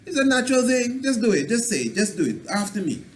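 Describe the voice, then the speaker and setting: A man's voice: very high voice, sing-song, fast talker, a little hiss or hum. A man giving a radio self-help talk as a spiritual teacher, rambling and preachy, acting out little scenes in dialect.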